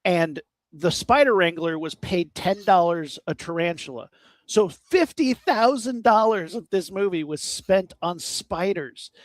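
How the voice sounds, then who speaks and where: On a podcast, a male co-host with a voice that sits high chats casually about horror movies, rambling, animated and quick to crack jokes. The recording is dry and of studio quality.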